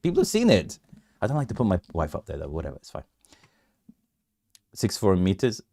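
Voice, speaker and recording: A man's voice: low voice, huge pitch swings, fairly quick, creaky, warm tone, no echo, studio quality. A man hosting a casual crypto livestream, bantering with his viewers, laughing often and restarting his sentences.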